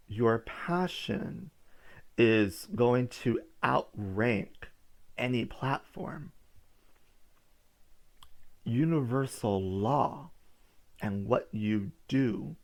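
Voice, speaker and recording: A man's voice: medium pitch, vocal fry. A man giving a motivational storytelling talk, emphatic and repeating key phrases for listeners to write down. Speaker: business speaker.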